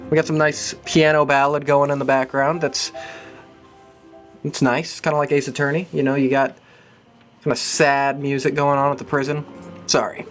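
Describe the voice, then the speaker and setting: A man's voice: a little high, flat delivery, moderate pace, long pauses. A man hosting a let's play, chatting casually with self-deprecating asides. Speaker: gaming channel host. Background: soft game piano music.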